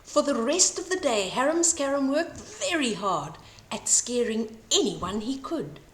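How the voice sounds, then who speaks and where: An older woman reading a bedtime story aloud for children, slow and expressive. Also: fairly high pitch, slight background noise. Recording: roomy echo.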